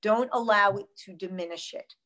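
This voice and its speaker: A woman hosting a casual live conversation, telling stories in an animated, emphatic way. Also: medium pitch, moderate pace. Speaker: host.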